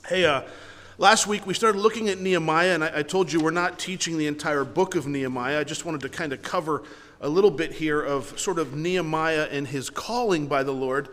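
A man's voice: fairly high pitch, brisk, a bit bright. A man preaching a sermon as pastor, talking in a conversational way with frequent restarts, in a church hall.

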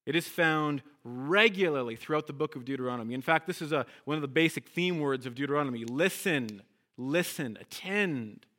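A man's voice: fairly high pitch, animated, a little fast, bright, forceful tone. A man, a guest Hebrew teacher, leading a congregation through a lesson with call and response and checking in often with "okay?" and "right?".

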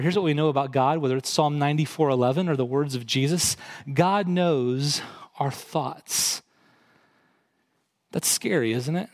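Preaching a sermon, a male pastor explains scripture conversationally. Quoting and emphasizing push his pitch and intensity upward.

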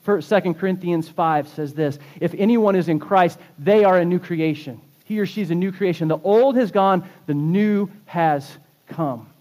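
A man delivers a sermon in a church, his fairly high voice full of fervor. He presses his points with swelling emphasis, then drops low for the quieter lines. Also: moderate pace, few pauses. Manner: impassioned preaching, rising and falling emphasis. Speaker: pastor. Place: church sanctuary.

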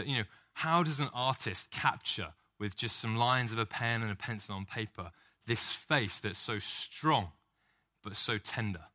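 A man delivers a sermon in an earnest, heartfelt way, pressing his points with rising fervor. His voice has a bright, forward ring at an ordinary middle pitch. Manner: earnest, builds to impassioned emphasis. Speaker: pastor.

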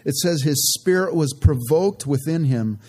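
A man giving conversational Bible teaching, earnest and relaxed, often adding "you know" and reading verses aloud slowly. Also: on the high side, slightly rough. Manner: reads scripture aloud slowly and deliberately.

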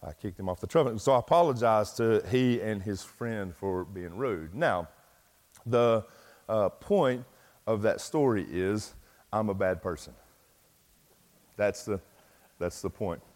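A man's voice: on the low side, lively intonation, measured pace, pauses often, a little mellow. A middle-aged man, a pastor telling a self-deprecating story in a folksy sermon with plenty of fillers. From East Tennessee, US. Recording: long reverb from a large hall.

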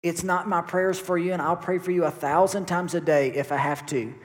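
In a church sanctuary with long reverb, a male pastor speaking at a brisk pace delivers a forceful sermon, repeating phrases for weight. His voice sits a little high and keeps a steady tone.

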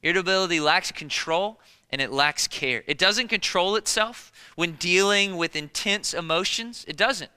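A young man with a high, very bright voice preaches a sermon in a casual, conversational way, driving each point home by saying it again. The room around him is a church hall, with a long reverb trailing his words. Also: animated, a little slow, few pauses, smooth. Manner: conversational, repetitive, emphatic preaching. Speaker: pastor. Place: church auditorium.

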